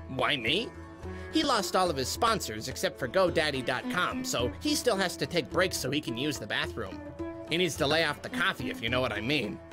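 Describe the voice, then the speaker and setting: A mischievous crazy puppet guy, as a man puts him on for a comedy radio promo, full of cheeky patter. His pitch bounces all over and clear music plays behind him. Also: close to an everyday voice.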